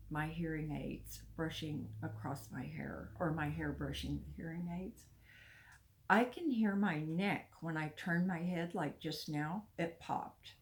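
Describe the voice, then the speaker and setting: A chatty older woman, talking casually to her viewers and laughing now and then. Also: low-pitched. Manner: chatty, confiding, laughs often. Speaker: vlogger. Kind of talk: casual talk to camera.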